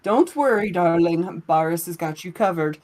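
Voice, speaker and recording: A woman voicing a flamboyant, sly and charming male shopkeeper in a tabletop game, who talks in a smooth, affectionate way. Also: on the low side, expressive, normal speed, a little mellow, lightly acted. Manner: smooth, affectionate, says darling and honey.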